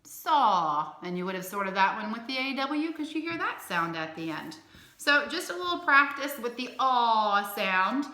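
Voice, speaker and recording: A woman teaching a recorded phonics lesson to young children, slowly sounding out each word in an encouraging teacher's tone. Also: on the high side, big pitch swings, bright, forceful tone. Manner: slow, clearly sounded-out words with an encouraging teacher's tone. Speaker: elementary school teacher. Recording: echoey room.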